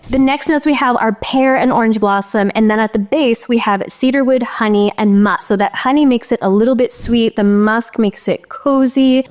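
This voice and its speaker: A woman's voice: medium pitch, a little mellow. A woman who founded a beauty brand, presenting her fragrances to viewers in an enthusiastic, chatty way. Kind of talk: casual product presentation to viewers.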